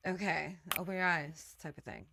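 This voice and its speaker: A woman's voice: fairly low pitch, fairly even intonation, normal speed, gravelly, crowd noise. A woman hosting a comedic monologue, riffing playfully with jokey asides that sometimes drop to a whisper. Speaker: host.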